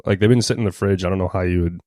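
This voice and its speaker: A man co-hosting a casual podcast, tossing in quick, wry joking asides. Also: sits low, fairly even intonation, mellow, no room sound, clean studio sound. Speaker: podcast co-host.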